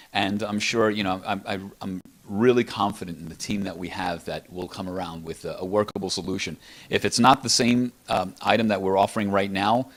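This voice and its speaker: A man, an inventor, talking casually and enthusiastically about his product in an interview, rambling with restarts, recorded in an apartment. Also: low voice.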